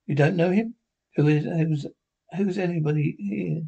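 Male amateur reader, higher-pitched, rough gravelly voice; halting delivery with restarts. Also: mellow, lo-fi sound. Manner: halting, stumbles and restarts words. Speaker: narrator reading all parts. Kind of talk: amateur reading of a TV episode script.

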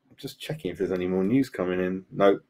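A man's voice: deep voice, fast, dark tone. A man hosting a casual fan live stream, chatting loosely, greeting viewers by name and saying "mate" a lot. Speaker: fan channel host.

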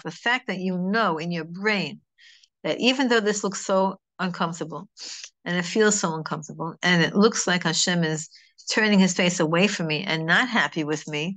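Lady giving a torah class, kinda low voice, rambles a bit, drops in hebrew words. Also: a bit bright. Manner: conversational, digressive, mixes Hebrew terms. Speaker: teacher.

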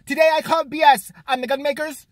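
Shrill self-righteous young activist woman, as a ranter mocks her. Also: steady tone, brisk, dry recording, studio quality, close to an everyday voice. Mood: mocking. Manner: mocking, exaggerated impression.

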